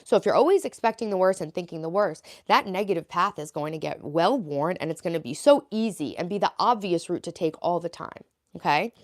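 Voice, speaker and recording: A young woman talks on a casual live stream, reading out her viewers' comments and answering them as she goes. Her voice sits a little low for a woman. She talks in a chatty way, straight into a desk mic. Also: expressive, a little fast. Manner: chatty, reads and answers chat aloud.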